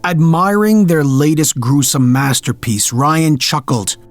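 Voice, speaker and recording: A man narrating a scripted horror story in a measured, darkly dramatic way. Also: fairly high pitch, soft background music.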